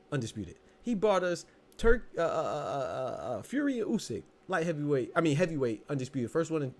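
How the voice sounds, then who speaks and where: A man's voice: medium pitch, darkish tone. A man in his thirties hosting a boxing podcast, telling a story in casual slang and laughing as he goes. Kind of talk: casual storytelling and live chat.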